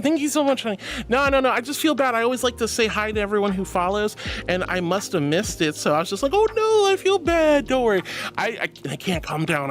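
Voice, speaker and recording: With a voice on the lower side, this woman streamer keeps things casual and warm during her live stream. She reads chat messages out loud in a bubbly, affectionate way, addressing viewers as honey and sweetie.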